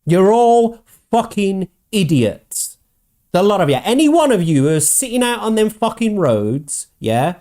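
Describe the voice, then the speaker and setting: A man hosting his own show, ranting angrily with constant swearing and mocking quotes in a higher voice. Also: very animated, unhurried, mellow. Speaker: host. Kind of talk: ranting commentary.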